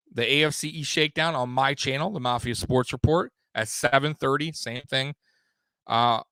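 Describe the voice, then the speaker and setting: Young male live-stream sports host: profane, rambling, middle-pitched, dry sound. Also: clear, resonant tone, no echo. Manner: profane, swearing freely; rambling, with restarts and loud bursts.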